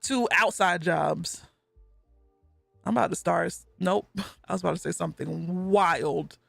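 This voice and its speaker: A woman's voice: fairly low pitch, a little slow, gravelly, fairly bright tone, no echo, faint music behind. A woman streaming live and reading chat messages aloud, talking in a casual way and laughing often.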